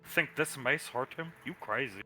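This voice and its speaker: A man's voice: mid-range voice, normal speed, pushed and bright, faint music behind. A man voicing a brutish, dim-witted male creature who speaks in broken grammar. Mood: gruff. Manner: caveman-style broken grammar, gruff.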